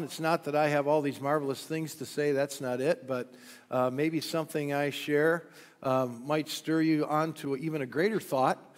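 An American pastor, his voice a little high, delivers a sermon from a church sanctuary as part of a live-streamed service. He keeps it relaxed and chatty, using lots of fillers and some dry humor, and the audio has a big-room quality.

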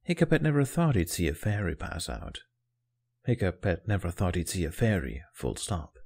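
Guy calmly reading a fanfic audiobook, lowish voice, steady. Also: normal speed, husky. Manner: calm, steady storytelling. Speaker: fan fiction narrator. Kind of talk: audiobook narration.

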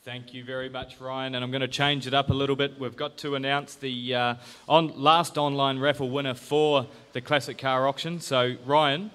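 A man's voice: mid-range voice, flat delivery, moderate pace, fairly bright tone, clean tone, in a large hall. An Australian man hosting a live car auction broadcast in an upbeat announcing manner. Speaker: event host.

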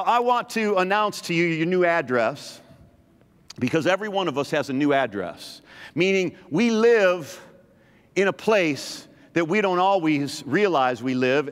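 A man's voice: fairly high pitch, long reverb tail. A man preaching a sermon as pastor, emphatic and repetitive, teasing his congregation now and then. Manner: emphatic, repeats phrases, teases the congregation. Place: large church hall.

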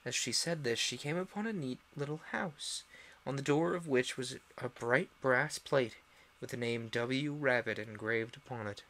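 A young man reads a storybook aloud on a live stream. He narrates expressively in a middle-pitched voice and slips into character voices. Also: normal speed, fairly bright tone, a little hiss or hum.

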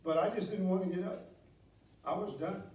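Preaching a sermon in a church sanctuary, a middle-aged pastor uses folksy, homely stories and builds toward emphatic exhortation. His voice is high for a man yet darkish, with fairly even intonation and a moderate pace. The audio echoes through the room, captured from some distance away.

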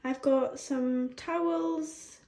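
A woman's voice: sits high, fairly even intonation, extremely slow, warm tone. A young British woman in her twenties, talking casually to her phone camera at home in a bathroom, in a chatty, gushing way. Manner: chatty, gushing, easily moved. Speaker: vlogger. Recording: echoey small tiled room.

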